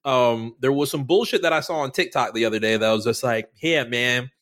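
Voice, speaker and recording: A man co-hosting a podcast in casual chat, loose and profane, who often drops into a deep voice when quoting. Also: quick pace. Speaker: podcast co-host.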